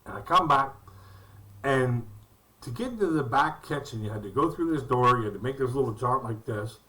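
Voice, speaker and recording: A man's voice: mid-range voice, expressive, moderate pace, sharp tone, recorded from a distance, poor audio. A man doing stand-up comedy, telling rambling, folksy anecdotes about his jobs and acting out the quotes. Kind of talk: storytelling stand-up routine.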